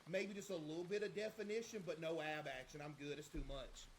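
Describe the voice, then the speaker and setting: A man's voice: on the high side, fairly even intonation, fairly quick, a little hiss or hum, low-quality recording. A young man livestreaming in casual chat, joking and bragging in loose slang.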